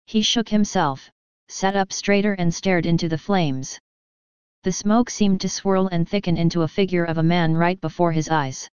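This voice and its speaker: A woman's voice: on the low side, fairly even intonation, normal speed, a little mellow, clear, resonant tone, no echo, muffled recording. A woman reading a storybook aloud in scripted narration, lightly voicing the characters. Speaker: audiobook narrator.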